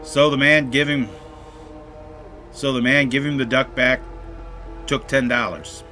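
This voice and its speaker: A man hosting a gaming channel, telling a joke in a relaxed, folksy way over gameplay. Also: medium pitch, unhurried, faint music behind. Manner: folksy, relaxed storytelling with restarts.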